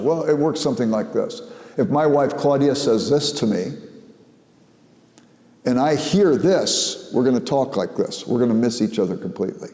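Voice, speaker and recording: Older man, academic lecture, measured and reflective, mellow tone, roomy echo. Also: mid-range voice. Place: lecture hall. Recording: echoey hall.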